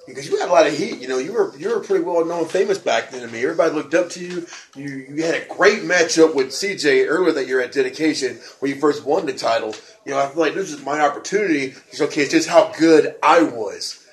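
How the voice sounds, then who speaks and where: A man telling a story in casual chat, excitable and rambling, often repeating words and restarting. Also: fairly high pitch, fast. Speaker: podcast co-host. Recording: echoey room with faint noise.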